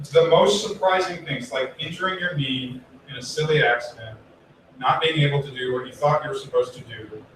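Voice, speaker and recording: A man delivers a casual Buddhist sermon, chatty and loose, acting out the voices of the people in his story. His voice sits a little high. It is picked up from a distance in a very reverberant temple hall with faint room noise underneath. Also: fairly bright tone. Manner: chatty, acts out quoted voices, swears casually. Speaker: Buddhist minister. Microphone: distant room mic.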